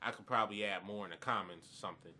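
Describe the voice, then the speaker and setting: A man's voice: fairly low pitch, rapid-fire, sharp tone. A man giving a blunt, profane, rambling review of a wrestling event in a casual rant, groggy this morning.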